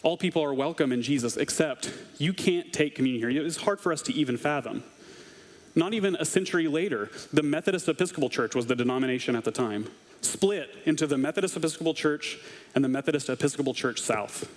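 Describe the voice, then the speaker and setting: A man's voice: fairly high pitch, quick pace. A man preaching a conversational sermon as a pastor, casual and wry with dry asides. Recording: long hall reverb.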